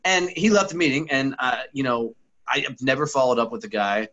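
A man's voice: mid-range voice, fairly quick, pushed and bright, muffled recording. A man, a podcast guest and former sales trainer talking bluntly and profanely in a casual interview, full of anecdotes.

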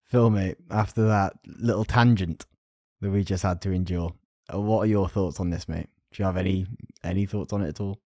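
A man hosting a casual gaming podcast, chummy and quick to hedge his guesses. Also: low-pitched, fairly even intonation, darkish tone, no room sound, clean studio sound. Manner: chummy, hedging speculation. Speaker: podcast host.

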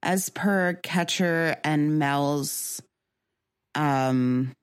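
A young woman co-hosts a podcast, chatting casually and ramblingly about shows with many fillers and restarts. Her low voice is clear and resonant, extremely slow, and captured in a dry, studio-quality recording.

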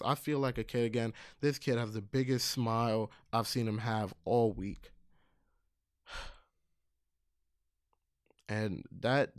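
A man's voice: medium pitch, darkish tone, no echo, clean studio sound. Earnest man telling a personal story. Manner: earnest, with many fillers and restarts. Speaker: storyteller recalling camp counseling.

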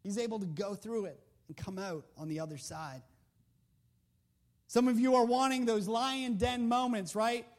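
A male preacher with a strikingly high voice gives a casual, conversational sermon into a handheld mic. He leans on rhetorical questions and emphatic repeats to drive points home. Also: normal speed, a little mellow.

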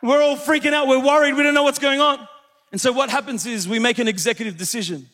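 Speaking fast, a male pastor with a strikingly high voice preaches a story-driven sermon, throwing questions out to the congregation with plenty of energy. The long reverb of a church hall rings around him.

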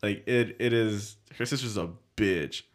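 A man's voice: on the low side, a little slow. A man co-hosting a podcast, telling stories in casual chat with lots of laughter and swearing. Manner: animated storyteller, frequent laughs, lively swearing. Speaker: podcast co-host.

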